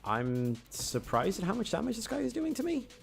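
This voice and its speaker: A man's voice: high-pitched, wildly swooping pitch, moderate pace, gravelly, faint music behind. A man giving casual, rambling, jokey commentary while playing a video game. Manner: rambling, chatty, jokey asides. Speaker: gaming YouTuber.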